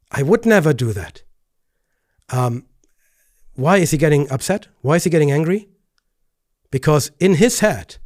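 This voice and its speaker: A man, a pastor hosting a commentary video, speaking earnestly with stammered restarts and rising pitch when indignant. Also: dry recording, clean studio sound. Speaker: pastor and host. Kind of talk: video commentary responding to clips.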